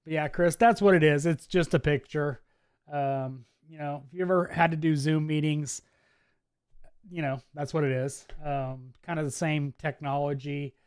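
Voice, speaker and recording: A man's voice: on the high side, fairly even intonation, moderate pace, clean tone, no room sound, studio quality. A man with a mixed Midwest and Southern US accent hosts a casual live chat, reading viewer comments in a chatty, laid-back way and laughing often. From US Midwest, Wisconsin. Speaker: livestream host. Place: home office.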